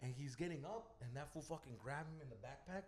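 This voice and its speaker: A man on a podcast, telling a fight story in casual, profane talk, mixing in Spanish slang and loudly acting out the people in it. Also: a little high, fast talker, slight background noise. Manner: animated, profane, mixes Spanish slang, acts out voices loudly. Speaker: podcast co-host. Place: green room of a comedy club.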